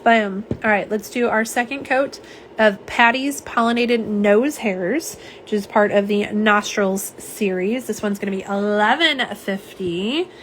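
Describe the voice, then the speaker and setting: A woman's voice: mid-range voice, measured pace, a little hiss or hum. A young woman, chatting casually on a live stream as she swatches nail polish and reads viewer comments aloud, with rambling asides and fillers. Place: home office.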